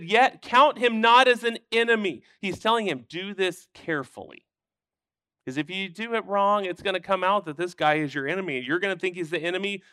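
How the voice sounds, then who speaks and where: A man's voice: high-pitched, fairly bright tone, clean tone, no room sound, studio quality. A man teaching a Sunday school Bible lesson, explaining scripture with emphatic bursts.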